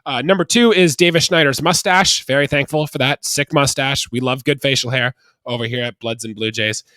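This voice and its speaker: A man from Canada hosting a casual sports podcast, chatty and quick to laugh while asking his co-host questions. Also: mid-range voice, pushed and bright, no room sound.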